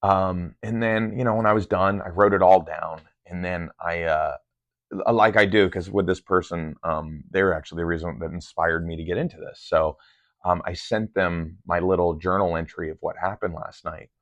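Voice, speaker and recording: This meditation vlogger has a deep voice with a fairly bright tone and fairly even intonation, talking at normal speed. He casually recounts his sessions in a rambling, first-person way, with lots of ums and restarts, on a dry, dull, lo-fi recording.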